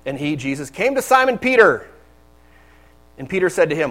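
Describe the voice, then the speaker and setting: A man's voice: on the high side, very animated, normal speed, fairly bright tone, poor audio. A man preaching a sermon in a candid, conversational storytelling manner.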